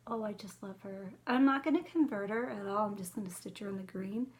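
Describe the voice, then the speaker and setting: A middle-aged woman chatting casually about her cross-stitch haul, chatty and excitable. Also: medium pitch, brisk.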